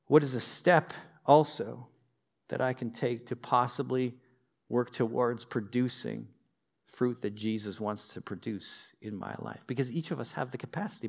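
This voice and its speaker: A man preaching a sermon in a conversational, lively way, with personal stories and light humor. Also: medium pitch, vocal fry. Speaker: pastor.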